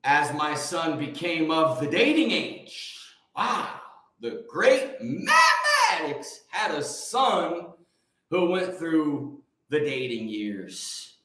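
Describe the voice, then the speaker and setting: A man's voice: fairly high pitch, huge pitch swings, takes it slowly, pushed and bright. A man hosting a casual morning livestream, greeting viewers by name and making emphatic, preachy points. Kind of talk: casual live-stream chat with viewers. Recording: very echoey room.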